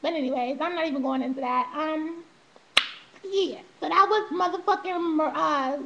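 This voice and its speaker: A woman's voice: sits high, normal speed, vocal fry, muffled recording, background noise. A young woman telling her life story on a vlog, swearing freely, laughing often and acting out what people said. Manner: animated, profane, laughs often, acts out quotes.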